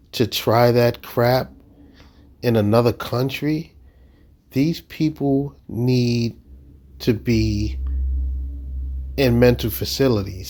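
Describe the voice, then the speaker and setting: A man's voice: mid-range voice, darkish tone. A man commentating on a video clip, exasperated and scornful. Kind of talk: reaction commentary.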